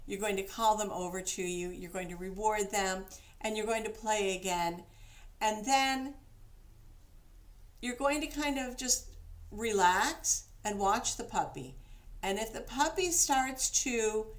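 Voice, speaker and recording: A woman dog trainer giving casual, practical instructions, now and then acting out the praise she gives a dog. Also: mid-range voice.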